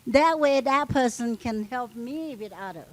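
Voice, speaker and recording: A woman's voice: a little high, unhurried, no room sound, rough recording. A middle-aged woman, a union member on a panel, telling a story at a live event and acting out the dialogue. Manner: animated, acts out quoted dialogue.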